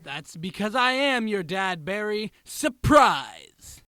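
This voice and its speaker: A man's voice: high voice, sing-song, slow pace, bright, forceful tone, clean tone, full character voice. A man playing a cheesy fake-official announcer dad. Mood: cheery. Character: cheery long-lost dad posing as announcer. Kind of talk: indie comedy film acting.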